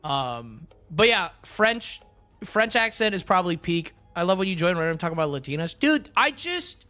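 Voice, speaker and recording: A man's voice: high voice, very animated, moderate pace, pushed and bright, faint music behind. A young man streaming, chatting casually and rambling with lots of fillers, joking and answering his chat.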